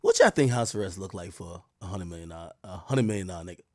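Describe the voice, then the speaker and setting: A young man hosting a show, telling a story to viewers in a casual, profane and slangy way, with loud exclaims and quiet asides. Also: low voice, expressive, fast talker, no echo, studio quality. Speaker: show host.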